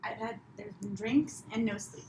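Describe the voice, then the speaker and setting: A woman's voice: mid-range voice, steady tone, normal speed, darkish tone. A woman comedian chatting casually as a podcast guest, laughing often and teasing herself. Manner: chatty, laughing, self-deprecating. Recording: roomy with faint noise.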